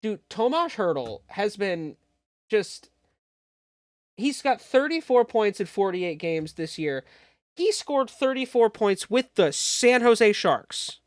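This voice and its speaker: A co-host in loose, animated sports chat. The voice sits at a middle pitch, with a dry, close sound and almost no room around it. They swear easily along the way. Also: slow, no echo. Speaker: podcast co-host.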